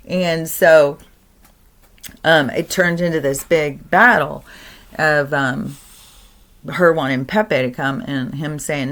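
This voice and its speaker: A woman vlogger telling a story in a casual, animated, chatty way, laughing often. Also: low voice, takes it slowly, long pauses.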